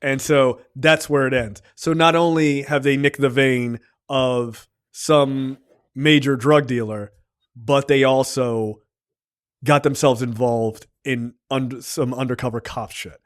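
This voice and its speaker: Profane, animated male podcast co-host. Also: mid-range voice, takes it slowly. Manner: animated, profane storytelling full of fillers. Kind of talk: casual chat.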